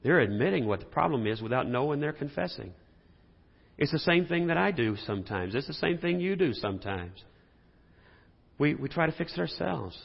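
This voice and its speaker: A man preaching a sermon and explaining scripture, talking in a lively way and asking the congregation rhetorical questions. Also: on the high side, normal speed, gravelly, slightly rough. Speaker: pastor. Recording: dull sound in a reverberant hall.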